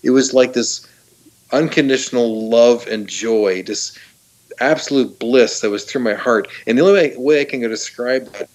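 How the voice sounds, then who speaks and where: A middle-aged man, a talk show guest, excitedly retelling a personal story with frequent laughs, restarts and fillers. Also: medium pitch, moderate pace.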